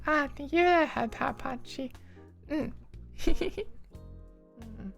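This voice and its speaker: Bubbly giggly streamer woman, game stream, fairly high voice, music under. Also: slow, vocal fry. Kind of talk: casual game stream chat.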